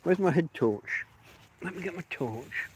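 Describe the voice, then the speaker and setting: An English podcast host runs a casual live stream while walking his dog outside at night, rambling and talking to the dog between thoughts. His voice sits on the high side with lively intonation and a slightly slow pace, with a little hiss or hum in the audio.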